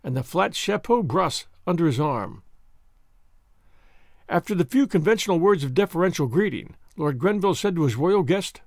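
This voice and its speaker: A man reading a classic novel aloud as an expressive, theatrical narrator. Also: high-pitched, vocal fry, no echo, studio quality. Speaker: audiobook narrator. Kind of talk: scripted narration.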